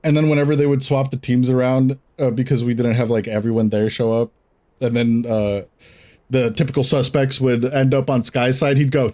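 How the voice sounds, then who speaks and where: A man's voice: medium pitch, level tone, normal speed, a little mellow. A young man streaming and chatting casually about games, rambling, swearing a lot and laughing often. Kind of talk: casual chat while gaming.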